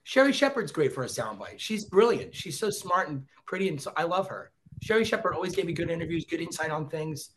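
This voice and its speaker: A middle-aged man as a podcast guest, an excitable storyteller who acts out quotes in casual chat. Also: fairly high pitch, fairly quick, few pauses, a little hiss or hum. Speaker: podcast guest, former celebrity reporter.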